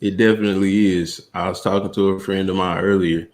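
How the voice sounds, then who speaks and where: Slow, low-voiced man musing. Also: level tone. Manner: slow, thoughtful, with many pauses and fillers. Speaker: guest. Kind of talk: casual livestream chat. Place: in Atlanta.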